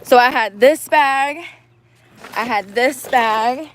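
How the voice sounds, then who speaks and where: A woman's voice: sits high, takes it slowly, slight background noise. A young woman ranting in a casual livestream, frustrated and swearing as she rambles.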